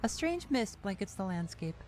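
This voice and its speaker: A woman narrating a video essay in a measured, calm, scripted storytelling delivery. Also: medium pitch, soft background music.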